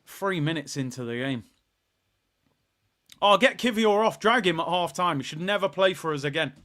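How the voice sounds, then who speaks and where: High, bright-voiced man ranting. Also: animated, moderate pace. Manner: ranting, exasperated, frequent shouting. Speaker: fan watchalong host. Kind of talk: live football watchalong reaction.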